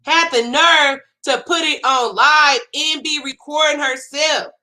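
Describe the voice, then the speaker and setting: A high-voiced woman rants to her viewers in animated, indignant reaction commentary. Her tone is bright and cutting, and she addresses her chat directly from a home livestream setup. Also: measured pace. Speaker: commentary host.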